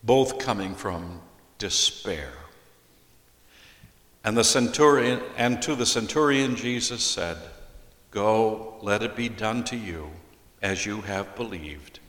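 A man preaching an expository sermon as a pastor, deliberately reading scripture aloud and explaining it. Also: lowish voice, fairly bright tone. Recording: echoey hall with long reverb.

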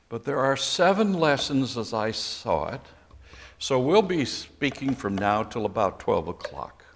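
A middle-aged man preaching a sermon as pastor, slow and emphatic, bursting into loud quotations now and then. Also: medium pitch, long reverb tail.

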